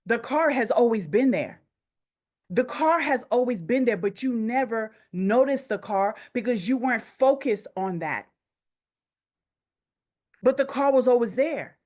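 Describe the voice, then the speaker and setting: A woman business coach leading a motivational session, urging listeners with emphatic repetition. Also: on the high side.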